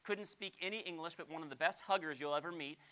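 A male pastor preaching a sermon, animated, swinging from loud exclamations to quiet asides. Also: on the high side, fast, smooth.

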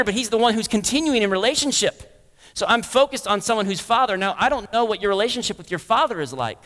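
Man preaching in a reverberant hall. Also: sits high. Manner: swells loud then drops to a hush. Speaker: pastor. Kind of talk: sermon.

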